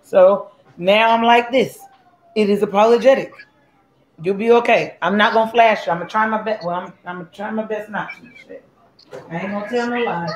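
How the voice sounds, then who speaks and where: A woman's voice: medium pitch, normal speed. A woman hosting a casual cooking live stream from a home kitchen, chatty and joking as she greets viewers by name. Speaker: cooking show host. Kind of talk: casual live-stream chat while mixing a drink.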